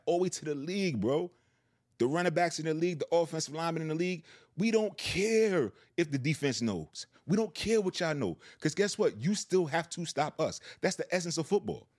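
A middle-aged man, a former pro football player co-hosting a podcast, arguing his point emphatically with profane, repeated catchphrases. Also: a little high. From Queens, New York. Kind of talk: heated sports debate.

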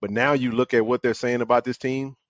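A man chatting on a casual sports podcast, who repeats himself and talks in a drawn-out way. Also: medium pitch, flat delivery, no room sound, dull audio. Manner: repetitive, drawn-out, lots of "man".

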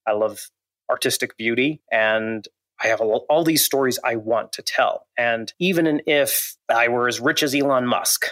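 A man in his thirties, an author talking reflectively in an interview, measured and thoughtful with frequent restarts. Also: medium pitch, a bit bright, no echo. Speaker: fantasy author, guest.

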